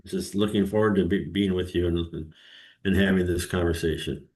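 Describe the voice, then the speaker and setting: Man, interview guest, deep voice, earnest and measured. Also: steady tone, a little mellow, slightly rough. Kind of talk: interview answer.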